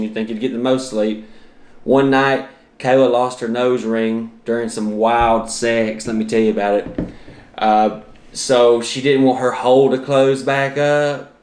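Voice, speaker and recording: A man's voice: mid-range voice, echoey room. A man, hosting a podcast and telling comic stories in a profane, exaggerated, self-mocking way. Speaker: podcast host and comedian. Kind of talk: comedic storytelling monologue.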